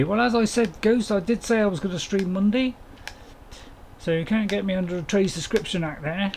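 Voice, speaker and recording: Streaming a farming game, this man talks to viewers in a rambling, self-mocking way. His voice is high-pitched and animated with a darkish tone, delivered at a moderate pace over slight background noise.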